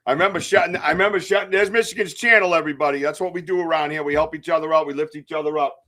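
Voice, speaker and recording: A man's voice: a little high, racing, pushed and bright. A man hosting a casual livestream podcast, hyper and joking as he reads out chat comments. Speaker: podcast host.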